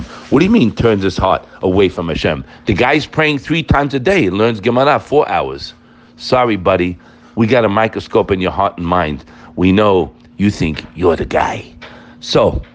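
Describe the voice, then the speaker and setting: A man giving a sermon on the weekly Torah portion, talking straight to his listeners in an animated, preachy way. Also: medium pitch.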